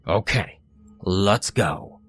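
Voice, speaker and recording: A man's voice: low-pitched, extremely slow, breathy edge, exaggerated voice. A man doing a playful hammy pirate voice. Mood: mock-grand. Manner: theatrical, mock-grand.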